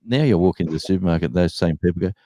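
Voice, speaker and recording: A man's voice: low voice, rapid-fire, warm tone, dry recording. A man with an Australian accent telling rambling stories in a casual live-stream chat, with plenty of fillers. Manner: rambling storyteller, many fillers.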